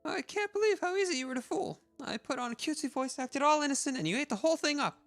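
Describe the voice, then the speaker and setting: A man voicing a sly young noblewoman who gloats about fooling the hero in a high, cutesy voice. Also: lively intonation, fast talker, faint music behind. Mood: gloating.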